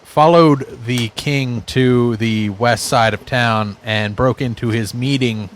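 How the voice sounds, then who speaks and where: A man recapping the last tabletop game session, halting with many fillers. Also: mid-range voice. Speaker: player.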